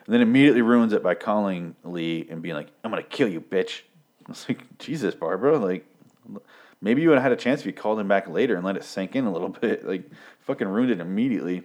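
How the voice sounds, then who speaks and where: A man's voice: fairly low pitch, fast, darkish tone. A young man casually recapping TV episodes, swearing often and rambling sarcastically with lots of fillers.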